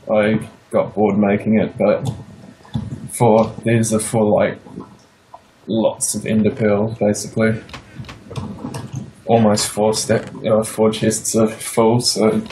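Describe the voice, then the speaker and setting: A young man with a New Zealand accent giving a casual tour of his game build, pausing often with fillers. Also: fairly low pitch, level tone, dark tone, slight background noise, rough recording. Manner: hesitant, many pauses and fillers.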